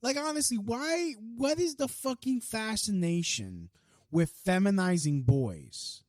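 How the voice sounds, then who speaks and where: His high voice swings widely in pitch as this young podcast host rants angrily and profanely. He talks fast, restarting again and again, in echo-free studio-quality audio.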